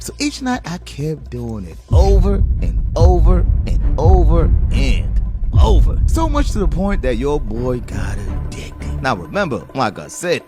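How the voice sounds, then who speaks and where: A young man telling a comedic story from his childhood in slangy, animated narration. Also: mid-range voice. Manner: animated, slangy, swings into character voices.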